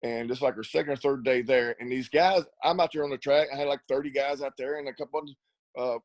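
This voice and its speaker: A quick, chatty middle-aged man tells racing-trip stories in a rambling way, stumbling over repeated words and laughing as he goes. His voice is close and dry, with no room sound around it. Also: medium pitch, steady tone, dry recording, poor audio. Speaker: ATV racer and riding school coach. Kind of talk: casual storytelling interview.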